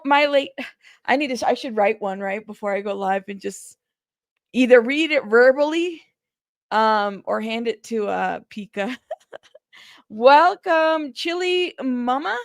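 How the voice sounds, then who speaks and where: A woman's voice: high voice, vocal fry, no room sound, studio quality. A woman hosting a casual news livestream, chatty and greeting her viewers one by one by name.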